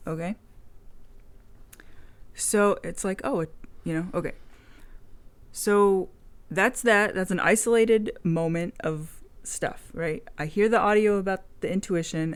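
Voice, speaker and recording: A woman's voice: on the low side, clean tone. A woman video blogger in casual chat, telling a rambling story frankly and swearing freely.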